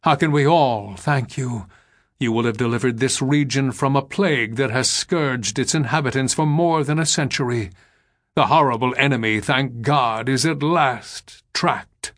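A man's voice: mid-range voice, measured pace, fairly bright tone, natural voice. A man reading the part of an agitated old general with a solemn, commanding delivery. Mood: grave. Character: agitated old male general, stern and grave.

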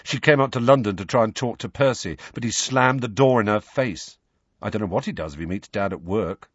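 A man's voice: lowish voice, brisk, a bit bright, husky, no room sound, dull audio. A man voicing an agitated teenage boy in an audiobook reading, rambling and trailing off. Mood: upset. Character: upset teenage boy, quick-talking.

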